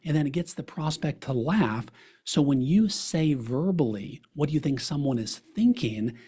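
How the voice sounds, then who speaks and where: Mellow husky coaching presenter man. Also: mid-range voice. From Texas. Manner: energetic, persuasive, folksy teaching tone with rhetorical questions. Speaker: webinar presenter, client conversion coach. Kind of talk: coaching webinar talk.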